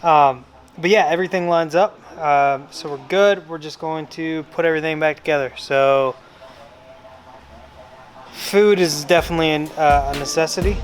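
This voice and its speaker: A young man walks through a timing-belt job in a garage, relaxed and full of little fillers. His voice sits a touch high, and faint music plays behind him. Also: moderate pace. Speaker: car mechanic host. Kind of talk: casual shop vlog. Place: car workshop.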